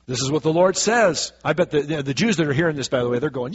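Sex: man. Role: preacher. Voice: husky, higher-pitched. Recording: dull lo-fi. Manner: lively, slows for scripture, fillers and asides. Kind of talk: sermon with scripture reading.

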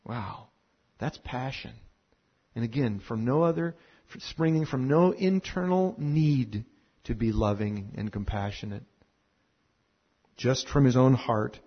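A man preaching a sermon full of personal stories, animated at moments and then dropping to a hushed tone. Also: medium pitch, unhurried, pauses often, breathy edge, muffled recording. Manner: animated storyteller who drops to a hushed tone. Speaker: pastor.

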